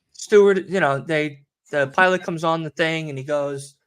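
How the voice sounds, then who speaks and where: A man's voice: a little high, moderate pace, hardly any pauses, fairly bright tone, clear, resonant tone. A young man with a New York accent, hosting a podcast and telling a rambling, profane story in casual chat. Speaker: podcast host.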